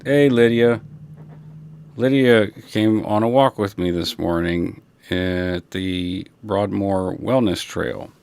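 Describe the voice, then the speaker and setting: A man hosting a livestream, chatting casually and rambling in a relaxed way, talking through a broadcast console. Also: on the low side, slow, vocal fry, clean tone. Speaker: livestream host. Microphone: broadcast console setup.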